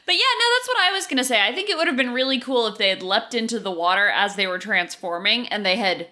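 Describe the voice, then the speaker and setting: Bright, playful woman podcaster. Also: medium pitch, lively intonation, fast. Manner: playful, jokey storyteller. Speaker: podcast co-host. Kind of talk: casual chat about an anime.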